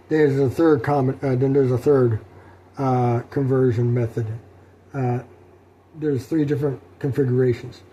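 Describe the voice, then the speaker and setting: A middle-aged man talking through his solo tabletop role-playing session in a rambling, halting way, with many fillers and restarts. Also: mid-range voice, warm tone, slightly rough. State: sleepy, yawning. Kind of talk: rambling casual talk.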